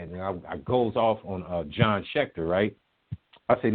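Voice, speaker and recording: A man with a low voice tells old music-business stories as a guest. He talks in a casual, profane, animated way and acts out what people said. He comes through a thin, tinny phone line. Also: normal speed. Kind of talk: casual storytelling interview.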